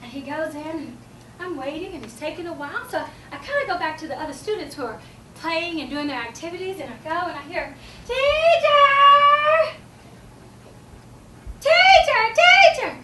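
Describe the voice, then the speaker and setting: A woman giving a humorous contest speech, animated and acting out children's voices in a stage storytelling style. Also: fast, a little hiss or hum. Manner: animated, acts out children's voices in high squeals. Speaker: speech contest speaker, teacher. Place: event hall. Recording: roomy hall, mic from a distance.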